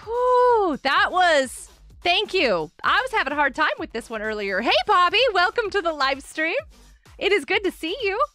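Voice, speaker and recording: Woman streamer, very high and lively, bright tone, excitable game chat. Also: normal speed, no room sound, soft background music. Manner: excitable, cheers players on, frequent laughs. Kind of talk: live Minecraft stream chat.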